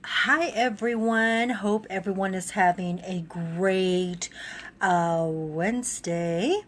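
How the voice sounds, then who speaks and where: Tearful woman giving a slow testimonial. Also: mid-range voice, fairly bright tone, slight background noise. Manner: tearful, laughing through tears. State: crying. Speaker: fitness program creator giving a testimonial. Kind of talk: emotional live-stream testimonial.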